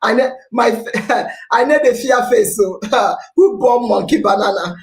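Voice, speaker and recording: Lively high-voiced Nigerian woman, roomy sound. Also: unhurried. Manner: laughing, exclaiming, mixing pidgin into English. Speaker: podcast host. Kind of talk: animated storytelling and live chat. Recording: roomy echo.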